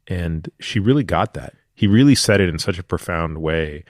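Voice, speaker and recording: A man's voice: sits low, fast talker, few pauses, darkish tone, no echo, studio quality. A man hosting a podcast, telling a personal story in a thoughtful, reflective way. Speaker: podcast host. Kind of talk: casual interview chat.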